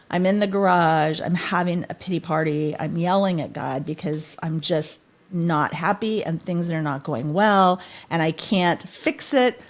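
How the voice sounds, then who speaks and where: A middle-aged woman talks as a podcast guest with earnest, heartfelt storytelling. Her voice sits a bit low for a woman. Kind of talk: podcast interview.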